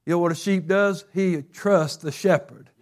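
A male pastor delivers a sermon in a voice pitched a little high. His delivery moves between easy, conversational storytelling and fervent, rising exhortation. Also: moderate pace. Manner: preachy, builds to fervent shouts.

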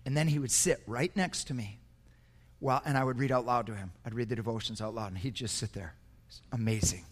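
A man's voice: medium pitch, fairly quick. An older man preaching a sermon, telling a personal story in an earnest, emotional way with frequent repetitions. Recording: echoey hall.

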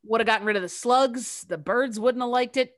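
A woman co-hosting a casual podcast chat, telling a story in a lively, swearing, joking way. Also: a little high, fairly quick. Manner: lively, profane, storytelling with asides. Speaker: podcast co-host.

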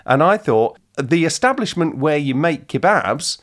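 A man's voice: a little high, sing-song, measured pace. English guy cohost, teasing and wry, voice swings up and down loads. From England. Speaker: podcast co-host. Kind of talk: casual chat.

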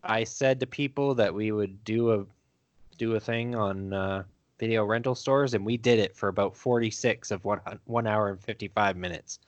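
A man from Michigan co-hosting a podcast, chatting in a relaxed, reflective way. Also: fairly low pitch, moderate pace, dry recording, dull audio. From United States, Michigan. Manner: laid-back, reflective, wraps up the episode. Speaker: podcast co-host. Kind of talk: casual chat.

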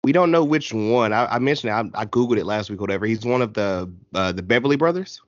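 Casual male co-host, lively and joking; dry, slightly muffled audio. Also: on the low side, fast, dry recording. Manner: animated, laughing, slangy. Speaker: podcast co-host. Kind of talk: casual wrestling chat.

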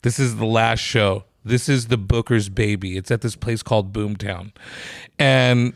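On a casual podcast, a male host with a lowish, creaky voice tells a profane comedy-club story at an unhurried pace. He's animated and acts out the quotes himself. The recording is dry.

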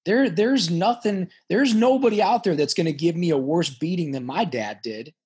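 A man's voice: sits high, expressive, normal speed, darkish tone. A middle-aged man as a podcast guest, talking intensely and emphatically about hard experiences, often repeating words as he gets worked up. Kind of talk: emotional interview talk.

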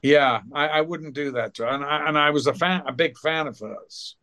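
An older man, an actor being interviewed, telling anecdotes at an unhurried pace and briefly acting out other people's voices. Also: fairly high pitch, sharp tone. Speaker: actor guest. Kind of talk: anecdotal storytelling.

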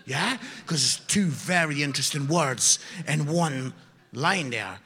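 British man, preacher, sermon with anecdotes, energetic, loud then quiet, very bright sharp tone. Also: on the high side, normal speed, breathy edge. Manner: energetic, shifts from loud exhortation to quiet asides. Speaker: guest preacher. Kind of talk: sermon with humorous storytelling.

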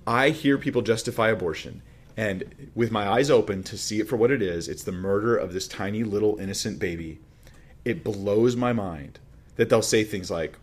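A man's voice: lowish voice, moderate pace. A man preaching a sermon as a pastor, teaching through a Bible passage in a conversational way with emphatic rises and frequent restarts.

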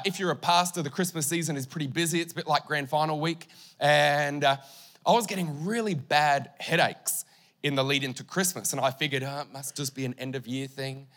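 A man's voice: a little high, sharp tone. A young Australian man preaching a sermon as pastor, telling a story with comic asides to the congregation. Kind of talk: humorous sermon.

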